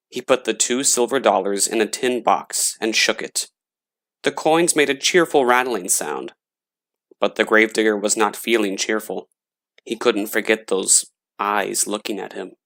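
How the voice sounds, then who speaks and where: A man narrating a scary story in a slow, dramatic reading voice. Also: lowish voice, a bit bright.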